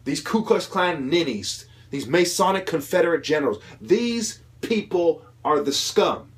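Angry ranting man, higher voice. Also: expressive, measured pace. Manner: profane, heated, mocking mimicry of opponents. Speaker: video commentator. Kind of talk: angry political rant.

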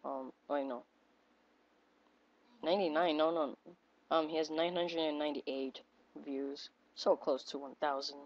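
An excitable woman giving casual commentary over a game she is playing, repeating short exclamations as things happen. Her voice sits low and she talks at an unhurried pace, recorded on a dull, lo-fi home microphone. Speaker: gaming video creator.

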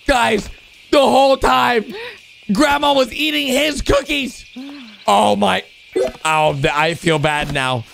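A young man with a high, very lively voice reacts to cartoons as the host, swinging from chatty commentary to sudden shouts. Faint music plays underneath. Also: measured pace, creaky. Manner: excitable, shouts and gasps at surprises, talks to viewers.

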